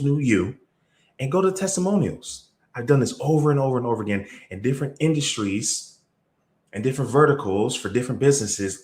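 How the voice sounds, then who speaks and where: A man giving a motivational sales talk, telling a story with lively energy and sudden jumps in pitch. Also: reverberant. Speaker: sales trainer. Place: event room or video call.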